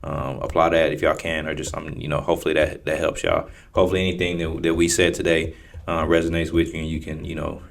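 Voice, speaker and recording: A man co-hosts a casual podcast. He talks in a laid-back, rambling way, full of "um" and "you know." His pitch barely moves. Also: little pitch movement, fast talker, creaky. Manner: laid-back, rambling with many fillers and restarts. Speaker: podcast co-host.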